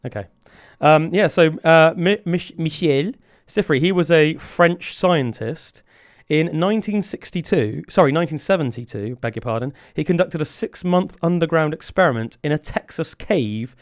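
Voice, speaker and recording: A man's voice: a little high, expressive, normal speed, hardly any pauses, no room sound, clean studio sound. A man hosting a podcast in casual chat, joking and rambling with frequent restarts. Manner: jokey, rambling with many restarts. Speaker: podcast host.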